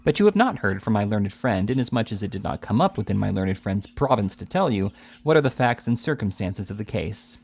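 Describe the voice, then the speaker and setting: A man's voice: lowish voice, darkish tone, slightly rough. Pompous theatrical barrister, read by a man: grand, declamatory courtroom orator in a storybook reading.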